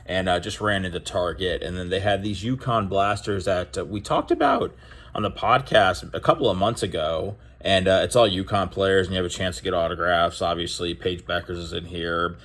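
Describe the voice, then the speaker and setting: Rambling low-voiced man telling a story. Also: normal speed. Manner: rambling, storytelling, many fillers and restarts; animated when retelling exchanges. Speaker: card collecting vlogger. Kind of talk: casual chat to camera.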